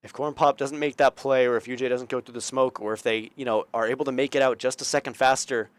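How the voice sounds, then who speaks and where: A young man casting an esports match solo, with energetic play-by-play that climbs on big plays. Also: mid-range voice, quick pace, dry recording. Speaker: esports caster. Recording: game gunfire loud under voice. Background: game sound effects and gunfire.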